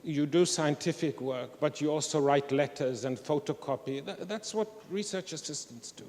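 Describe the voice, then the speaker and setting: A man's voice: fairly high pitch, moderate pace, darkish tone. An older man giving a reflective, candid talk at an academic conference. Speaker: conference speaker. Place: large historic hall. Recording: long reverb of a large hall.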